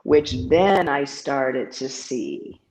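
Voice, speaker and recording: Low, slow-talking middle-aged woman. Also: expressive, a little mellow, rough recording. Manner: thoughtful, hesitant. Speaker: co-host and moderator. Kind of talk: casual panel chat.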